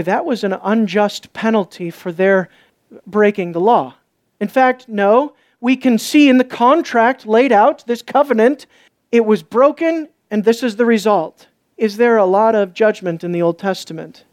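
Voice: normal speed, darkish tone, dry recording, clean studio sound. A preacher giving an expository sermon, emphatic and urgent, asking the listeners questions and repeating words. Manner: rises to urgent, high-pitched stress.

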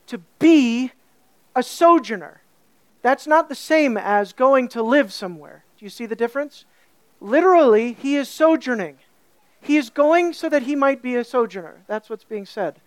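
Animated woman preacher, slightly high voice, dry close recording, slows on key words. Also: no echo. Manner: animated, asks the listeners many questions; stretches key words slowly for emphasis. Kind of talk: sermon.

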